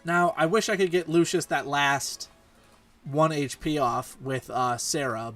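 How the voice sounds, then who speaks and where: A man's voice: a little high, measured pace, fairly bright tone. A man giving let's play commentary, chatty and thinking aloud as he plays. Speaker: gaming channel host. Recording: distant mic with faint game music. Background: game music.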